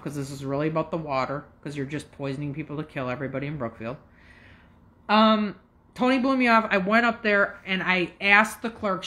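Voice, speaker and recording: A woman's voice: fairly low pitch, a bit bright. A woman in her fifties telling a long, agitated story straight to her viewers, swearing and jumping between asides. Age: 50s. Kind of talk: casual rant to camera.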